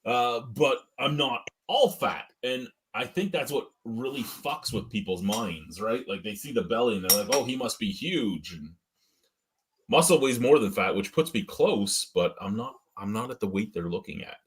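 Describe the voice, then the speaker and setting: A man co-hosting a beer review live stream, telling loud, profane stories in casual chat. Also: medium pitch, normal speed, husky. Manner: loud, profane, animated storytelling. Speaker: beer review podcast co-host. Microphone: headphones and mic at home.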